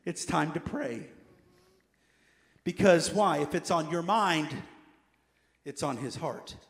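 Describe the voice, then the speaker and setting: A man preaching a sermon as pastor, emphatic, repeating key phrases and swinging between loud urging and quiet asides. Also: a little high, lively intonation, slow.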